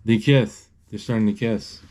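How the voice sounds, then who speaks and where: A man narrates a movie live as it plays, in a dark, mellow voice. He stumbles through his sentences, restarting and correcting himself as the scenes change. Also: on the low side, steady tone. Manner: halting, with many restarts and self-corrections. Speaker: movie describer.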